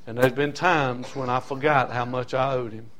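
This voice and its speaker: A man's voice: mid-range voice, fairly even intonation, normal speed, a bit bright. Impassioned older preacher man. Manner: impassioned, rhythmic repetition, folksy asides. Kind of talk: sermon.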